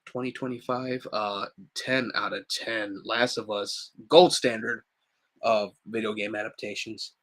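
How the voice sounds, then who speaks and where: Chatting animatedly as a podcast co-host, a man laughs frequently and acts out quotes in a casual conversation. His voice is on the low side and fairly bright, with fairly even intonation and a slightly slow pace.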